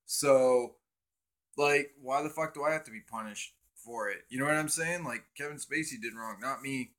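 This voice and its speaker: A man's voice: medium pitch, moderate pace, a bit bright. Profane rambling man livestreaming by phone. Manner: profane, rambling, talks to chat viewers. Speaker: livestream host. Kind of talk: casual livestream chat. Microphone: cell phone.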